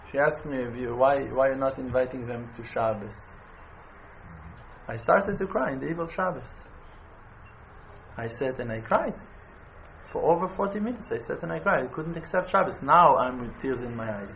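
A man delivers a fervent appeal in a high voice, pleading and repeating himself. He surges into loud urging, then drops to soft, near-tearful tones. The recording is dull and lo-fi, with faint noise underneath. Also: creaky. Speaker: community speaker making an appeal. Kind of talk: impassioned appeal.

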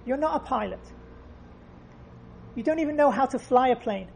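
A woman's voice: high-pitched, expressive, moderate pace, gravelly, a little mellow, a little hiss or hum. A woman giving an earnest faith lesson, telling stories and repeating phrases for emphasis. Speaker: religious teacher.

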